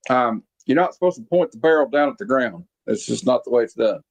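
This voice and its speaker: A man's voice: mid-range voice, lively intonation, a little fast, gravelly, slightly rough, poor audio. A man hosting a casual movie review chat, rambling along with lots of fillers and restarts. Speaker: podcast host reviewing a movie. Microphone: video call.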